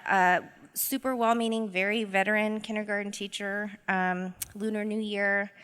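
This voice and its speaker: A woman's voice: mid-range voice, bright, forceful tone, clean tone, long reverb tail. A woman educator and mother speaking in a reflective, storytelling way in a podcast interview. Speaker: guest, educator.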